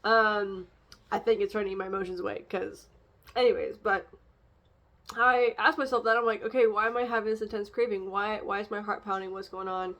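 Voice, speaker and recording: A woman's voice: medium pitch, flat delivery, a little fast, fairly bright tone, muffled recording. A young woman casually talking through an oracle card reading and her feelings, rambling, with frequent fillers and restarts. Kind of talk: casual reflective vlog.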